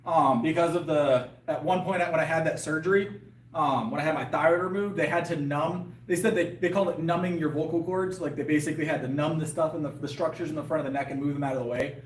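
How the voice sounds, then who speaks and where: A man's voice: on the high side, fairly even intonation, quick pace, a little hiss or hum. A man chatting casually with viewers on a livestream, rambling and hesitant with lots of fillers and restarts, his voice getting worn, outdoors in a yard. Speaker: livestreamer and powerlifter. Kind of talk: casual live chat with viewers.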